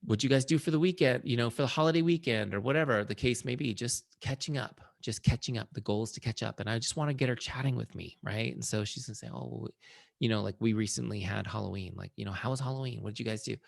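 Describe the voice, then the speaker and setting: A middle-aged man hosting a casual webinar, chatty and warm, telling stories and often checking in with "right?". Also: fairly low pitch, quick pace, gravelly, no room sound, studio quality. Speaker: webinar host and software founder.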